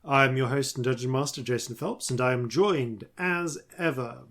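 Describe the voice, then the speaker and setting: A man hosting a tabletop game podcast as dungeon master, telling a folk tale in a rambling, halting way. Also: mid-range voice, fairly bright tone. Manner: rambling, halting storyteller with many ums. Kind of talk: casual podcast chat and storytelling.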